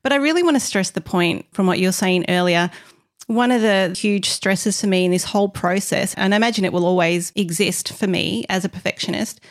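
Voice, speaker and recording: Earnest woman talking business on a podcast. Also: mid-range voice. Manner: earnest, heartfelt. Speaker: podcast co-host, business owner. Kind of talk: casual podcast chat.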